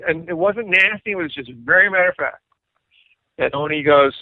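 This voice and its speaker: A middle-aged man with a fairly high voice tells stories as an interview guest, animated and acting out the voices of the people in them. The sound is thin and tinny, like a phone line, and very dry. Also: normal speed, dry recording. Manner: animated storyteller acting out quoted dialogue. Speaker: guest musician, bassist. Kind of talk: casual storytelling interview.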